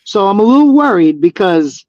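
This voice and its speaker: A man's voice: high-pitched, sing-song, normal speed, darkish tone, dry recording. Man, wrestler guest, rambling storyteller, lots of ums, muffled dry audio. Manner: rambling storyteller, many fillers and restarts, laughs easily. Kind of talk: casual interview chat.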